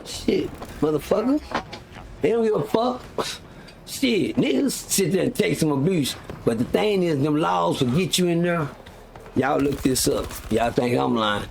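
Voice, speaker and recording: This live-stream host is a man whose slightly high voice is expressive and carries vocal fry. He rants casually at an unhurried pace, getting heated, swearing and rambling, with lots of restarts and filler words. A little hiss or hum is audible.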